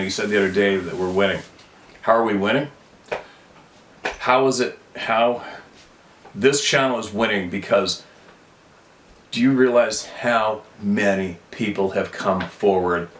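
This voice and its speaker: Deep-voiced man rambling passionately to camera. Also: a bit bright, roomy sound, recorded from a distance, slight background noise. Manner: rambling, impassioned, emphatic repetition; blunt, swears freely. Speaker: channel host. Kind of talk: unscripted talk to camera.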